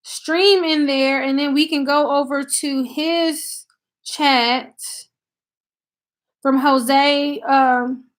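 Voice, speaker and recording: With a high, steady voice and drawn-out words, a Tennessee woman with a Southern country accent chats casually on her live stream, thanking viewers by name as she talks into her laptop.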